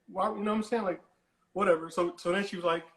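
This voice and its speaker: Male caller, higher voice, rambling storyteller, roomy echo on the line. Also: steady tone, fast talker, fairly bright tone. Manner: rambling, repeats and restarts words, dismissive "whatever". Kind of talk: animated storytelling on a call-in show.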